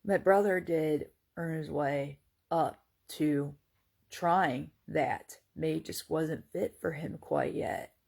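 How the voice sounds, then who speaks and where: A woman's voice: low-pitched, slow, vocal fry, darkish tone, breathy edge. A woman talking earnestly and hesitantly in a casual personal monologue, full of fillers and restarts. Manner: hesitant, rambling, many fillers; faith-centered, earnest. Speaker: vlogger sharing personal reflections.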